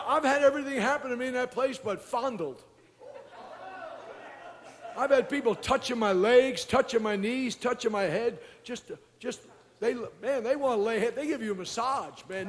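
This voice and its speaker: A man preaching a sermon as pastor, moving between quiet storytelling and shouted exhortation. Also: high-pitched, big-room sound.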